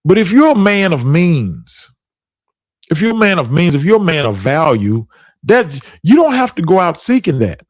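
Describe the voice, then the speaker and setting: A man's voice: fairly high pitch, very animated, moderate pace, no room sound. A middle-aged man hosting a podcast, telling stories in a casual chat and laughing often. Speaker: podcast host.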